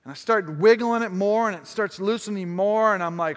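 A male pastor telling a story in a sermon, animated and self-deprecating, acting out his own thoughts. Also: sits high, moderate pace, few pauses, long reverb tail.

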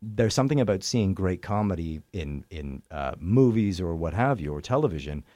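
A man with a Canadian accent, a stage actor chatting in an interview with animated, self-deprecating humor. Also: low-pitched, moderate pace, no room sound. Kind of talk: interview chat.

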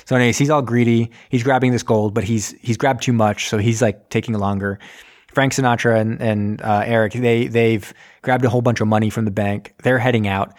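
A man chatting loosely as he retells a movie plot, jumping in and out of quick impressions of the characters. His pitch sits mid-range and he rambles with lots of "like"s. He has an easygoing, joking manner. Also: steady tone. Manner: rambling, acts out scenes in quick voices. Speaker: podcast host recapping a film. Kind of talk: casual chat.

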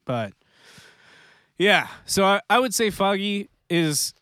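A man's voice: sits high, sing-song, a bit bright, smooth, dry recording, studio quality. A man co-hosting a podcast, chatting casually about a series, with lots of restarts and fillers. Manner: rambling, halting restarts and fillers. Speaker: podcast co-host. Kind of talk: casual chat.

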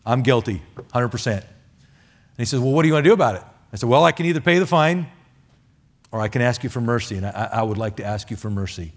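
A man preaching a sermon as a missionary, telling stories in a chatty, animated way with many fillers. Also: mid-range voice, fast talker. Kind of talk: sermon with storytelling. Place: church sanctuary.

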